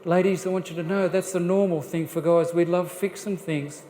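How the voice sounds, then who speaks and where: A man gives a church seminar on family life, joking and lively, with a slightly high voice. He puts questions straight to the congregation. His voice echoes through a large church hall with long reverb and a faint hum of ambience. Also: normal speed. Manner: jokey, lively, addresses the audience directly with questions. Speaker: guest speaker on family life.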